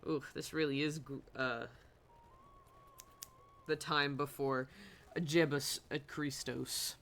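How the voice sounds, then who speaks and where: Slow, bright-voiced rambling game streamer. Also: medium pitch, little pitch movement, creaky, a little hiss or hum. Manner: rambling, flustered, laughing often. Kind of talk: casual live-stream commentary. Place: at a desk at home.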